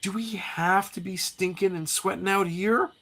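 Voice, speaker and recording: A man reading a comic aloud and voicing a brash, loud-mouthed teenage girl with a shrill, jeering voice. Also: steady tone, moderate pace, full character voice. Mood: whiny.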